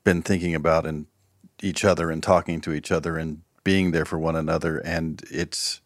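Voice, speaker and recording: A man's voice: very deep voice, flat delivery, normal speed, dry recording, clean studio sound. A married man co-hosting a casual faith podcast, talking in a heartfelt, rambling way with many ums. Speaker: podcast co-host. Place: podcast studio.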